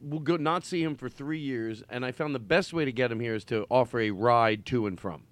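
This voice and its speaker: A man in casual chat, talking haltingly and restarting his sentences. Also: mid-range voice, no echo.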